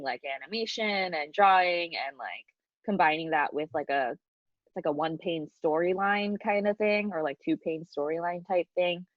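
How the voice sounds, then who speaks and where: A woman's voice: deep voice, no room sound. A woman hosting a casual interview over a video call, chatty with many filler words. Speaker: host. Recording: dry, dull lo-fi video-call audio.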